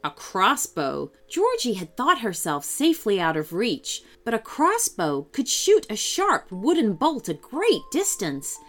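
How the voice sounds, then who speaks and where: A woman reads a children's bedtime story with a lot of rise and fall in her voice. Her narration is scripted and expressive, and faint music plays underneath. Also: fairly high pitch, unhurried, hardly any pauses. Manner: lively, expressive reading.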